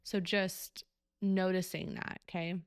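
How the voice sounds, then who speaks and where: A woman's voice: fairly low pitch, level tone, slow, clear, resonant tone, dry recording, clean studio sound. A young woman hosting a podcast, telling a personal story in a candid, emotional way with frequent swearing and fillers. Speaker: podcast host.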